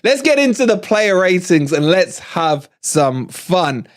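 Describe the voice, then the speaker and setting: A middle-aged English man hosting a live fan-channel match review, excitable and gloating, out of breath, chatting with his viewers. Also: high voice, takes it slowly.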